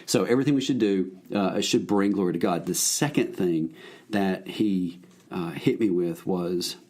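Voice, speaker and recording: A man, a minister telling his story as a podcast guest in a lively, joking, folksy way. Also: low-pitched, normal speed. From Alabama, US. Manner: animated, jokey, folksy. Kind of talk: casual storytelling conversation.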